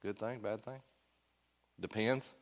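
A man's voice: lowish voice, fairly even intonation, slow. A man teaching a Sunday school Bible class, asking the room questions and joking with his students in a folksy way. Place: church classroom.

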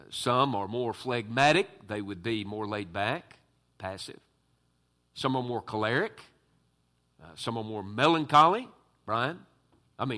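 A man delivers a sermon in a bright, forward voice, leaning hard on key words and drifting into folksy asides. He talks with filler words and a relaxed, conversational warmth toward the congregation. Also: medium pitch. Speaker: pastor.

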